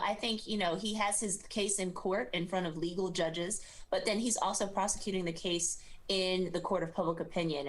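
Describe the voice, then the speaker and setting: A woman political science professor giving steady, analytical commentary in a news interview. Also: fairly low pitch, rough recording.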